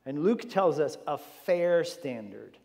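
A man preaching in a church hall, his slightly high voice carrying a long tail of reverb. He talks with animated emphasis, tosses in jokey asides and repeats words as he restarts. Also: slow pace, gravelly. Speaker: pastor. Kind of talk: sermon.

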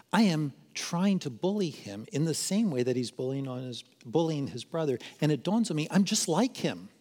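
A man's voice: fairly high pitch, darkish tone, husky. A middle-aged man speaking at a parenting seminar, telling a candid, self-deprecating personal story in a sermon-like style. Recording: long hall reverb.

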